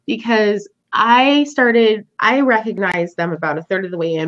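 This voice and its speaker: A woman hosting a casual book discussion podcast, laughing often and telling her reactions with animated voices. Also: medium pitch, moderate pace, highs cut off, noisy background. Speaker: podcast host.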